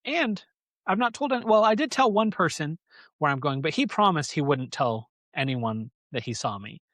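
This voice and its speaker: A man's voice: a little high, very animated, normal speed, fairly bright tone, no echo, voice pushed up. A man doing a smug little thief fish. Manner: smug, self-assured muttering.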